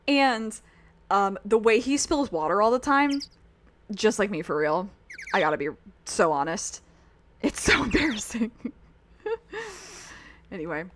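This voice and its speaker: A woman's voice: medium pitch, slight background noise. A young woman streamer chatting casually and self-deprecatingly while playing a game. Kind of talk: casual let's-play chat.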